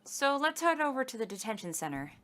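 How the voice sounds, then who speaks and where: Woman reading a spirited young attorney, upbeat and determined, bright tone, game dub. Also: fairly high pitch, big pitch swings, fast talker, soft background music, voice pushed up. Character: eager young female defense attorney.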